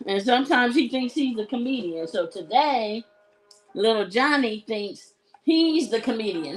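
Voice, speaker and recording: A woman hosting a live jewelry sale show, chatting casually and giggling as she talks to her viewers. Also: on the high side. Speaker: live shopping show host selling jewelry. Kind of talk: casual live-stream sales chat.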